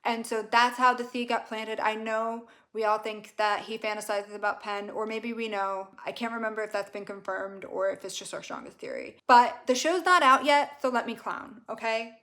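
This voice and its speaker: A woman's voice: fairly high pitch, a bit bright. A woman chatting casually about a book she is rereading, gushing and playful. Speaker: book vlogger. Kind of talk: casual chat.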